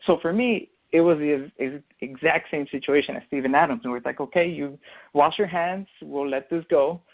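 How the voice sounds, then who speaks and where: A man's voice: on the high side, normal speed. A man co-hosting a casual sports podcast, explaining his take at length with lots of fillers and restarts. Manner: rambling, filler-heavy explaining. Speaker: podcast co-host. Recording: tinny phone-like audio.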